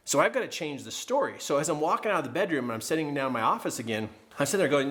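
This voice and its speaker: A man's voice: on the high side, very animated, racing, few pauses, a bit bright. Earnest man telling a personal story. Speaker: personal development trainer. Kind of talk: teaching through a personal story.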